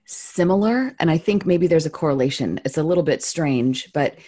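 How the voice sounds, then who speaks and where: A woman host with a slightly low, husky voice leads a relaxed interview. She asks curious follow-up questions. She often restarts her sentences as she thinks aloud. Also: moderate pace. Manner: curious, chatty, trails off and restarts. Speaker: podcast host. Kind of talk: conversational interview.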